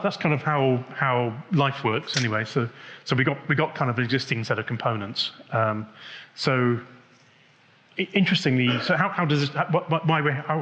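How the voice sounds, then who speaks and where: A man's voice: mid-range voice, fairly bright tone, highs cut off. A man giving a technical conference talk, rambling with many restarts and fillers. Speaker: conference speaker. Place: conference hall.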